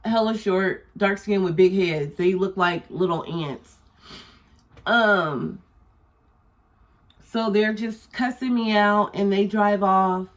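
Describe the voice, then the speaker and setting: A young woman telling a storytime vlog with blunt, animated energy. Her voice sits at a middle pitch, and she swears freely as she tells it. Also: takes it slowly. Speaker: vlogger.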